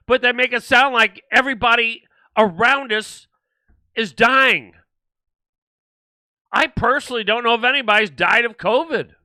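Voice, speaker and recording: Older man, high bright voice, dry close sound; indignant livestream host who restarts sentences. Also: moderate pace, dry recording. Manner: indignant, repetitive ranting with restarts. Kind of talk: political livestream commentary.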